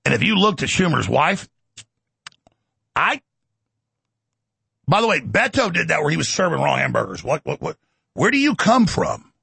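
A high-pitched, very gravelly man rants through political commentary at a fast clip, his voice leaping up and down. His tone is bright and tense with a husky rasp, and the sound is dry and close. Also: no echo. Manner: rapid, ranting, animated, with mocking impressions. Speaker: host.

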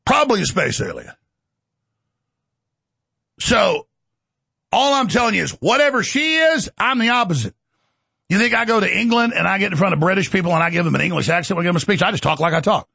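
A high-pitched, very gravelly man rants through political commentary at a fast clip, his voice leaping up and down. His tone is bright and tense with a husky rasp, and the sound is dry and close. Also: no echo. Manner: rapid, ranting, animated, with mocking impressions. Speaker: host.

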